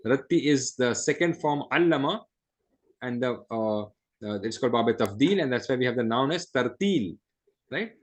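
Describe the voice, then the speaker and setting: A man teaching an Arabic grammar lesson, explaining step by step, checking in with "right?" and reciting Arabic phrases quickly between slower English explanations. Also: mid-range voice, lively intonation. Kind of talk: classroom lesson.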